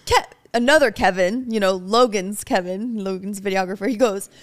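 A woman's voice: mid-range voice, moderate pace. A woman co-hosting a podcast, chatty and teasing. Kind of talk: casual chat.

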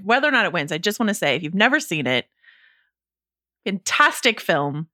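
A woman with a bright, forward tone talks about films with emphatic enthusiasm. The sound is dry and close to the mic. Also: mid-range voice, very animated, fairly quick, dry recording. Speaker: podcast host. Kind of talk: casual chat.

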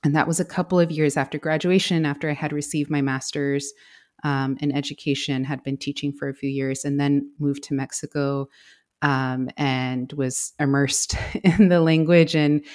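A woman in her forties from the United States speaks as an interview guest. Her low voice moves in a reflective, unhurried way, with frequent fillers and soft laughs between thoughts. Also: flat delivery. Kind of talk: conversational interview.

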